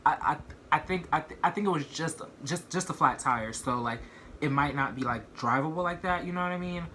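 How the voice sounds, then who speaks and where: A young man recounts a story to his camera in a loose, rambling way, leaning on "like" and "you know what I mean." His voice is bright and forward, with a faint hiss of noise behind it. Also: a little high, a little fast. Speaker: vlogger. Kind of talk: casual storytime.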